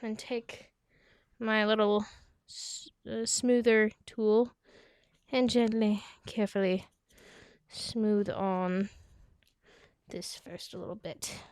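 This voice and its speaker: An American woman, likely a young adult, vlogging a crafting tutorial in a chatty, self-deprecating way, sliding into a half-British lilt while explaining and going soft and quiet during careful steps. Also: mid-range voice, flat delivery, slow, long pauses, clean tone, no room sound. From United States.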